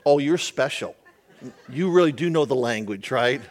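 A man's voice: mid-range voice, expressive, moderate pace, a faint crowd. A male pastor giving a humorous, conversational sermon, often asking the audience questions.

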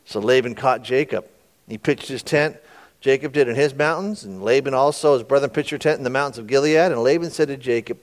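A man's voice: mid-range voice, brisk. A man preaching a sermon, retelling scripture with folksy, conversational asides to his listeners. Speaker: pastor.

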